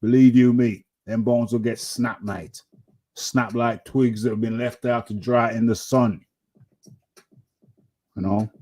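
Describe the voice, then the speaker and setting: A man's voice: lowish voice, fairly even intonation, unhurried, dark tone. A man hosting a live boxing talk show, riffing in a slangy, repetitive way.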